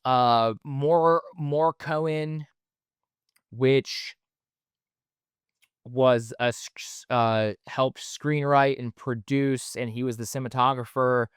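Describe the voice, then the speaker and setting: A man's voice: mid-range voice, fairly even intonation, slow, smooth, no echo, studio quality. A man hosting a solo podcast in a casual, rambling way, with lots of fillers and the odd swear word. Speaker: podcast host.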